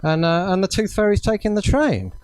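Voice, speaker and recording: A man's voice: sits high, big pitch swings, a little fast, a little mellow, a little hiss or hum. A man doing a self-deprecating stand-up set, full of ums. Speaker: stand-up comedian. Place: small cafe venue, indoors.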